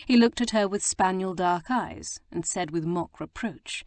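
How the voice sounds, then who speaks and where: A woman narrates a novel in a measured, expressive way. Her voice sits on the low side. The recording is dry and close, with no room sound. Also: dry recording. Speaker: audiobook narrator. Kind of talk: scripted narration.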